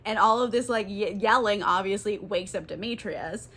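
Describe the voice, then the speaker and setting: A woman's voice: mid-range voice, moderate pace, a bit bright, slightly rough. A woman giving a casual, comic book summary, giggling often, swearing and saying "like" a lot. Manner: giggly, profane, lots of "like". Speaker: book vlogger.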